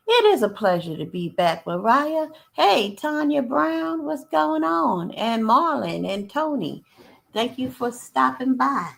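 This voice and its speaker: A woman's voice: high-pitched, big pitch swings, slow, creaky. A woman reading a memoir aloud on a live stream and breaking off to greet viewers and add blunt, profane side comments. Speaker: audiobook reader and live-stream host.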